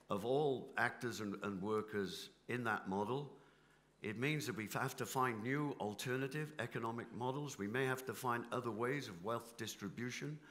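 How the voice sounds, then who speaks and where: A man's voice: mid-range voice, a bit bright. A middle-aged man from Britain speaking in a panel debate, a union leader who talks passionately and builds his points with rhetorical repetition on a conference stage. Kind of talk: impassioned panel debate speech.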